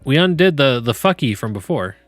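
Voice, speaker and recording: A man as a joking podcast host reading prompts to chat, mid-pitched, dry close sound, faint music behind. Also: big pitch swings, fairly quick, dry recording. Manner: joking, laughs often, swears casually. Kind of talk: casual chat, reading game prompts aloud to chat.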